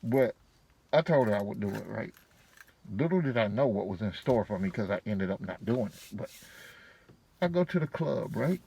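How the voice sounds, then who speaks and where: A man's voice: fairly low pitch, expressive, moderate pace, gravelly, long pauses, mellow, slight background noise. A man telling a casual personal story to his viewers, slangy and profane with a laid-back delivery. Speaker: vlogger.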